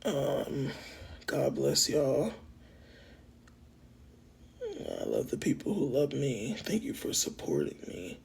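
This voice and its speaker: A man with a gravelly, husky voice wraps up a livestream in no hurry, drawing out his goodbyes. His talk is rambling and heartfelt, a casual chat with his viewers. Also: medium pitch, huge pitch swings, slow, long pauses, darkish tone.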